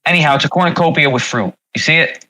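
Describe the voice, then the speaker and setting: A man's voice: a little high, quick pace, sharp tone, rough recording. A man hosting a casual livestream, rambling with many fillers and repeats. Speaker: livestream host.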